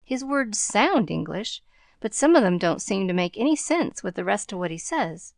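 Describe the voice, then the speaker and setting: A woman's voice: mid-range voice, sing-song, normal speed, gravelly, dry recording, clean studio sound. A woman voicing an eager, earnest young girl who speaks politely and literally.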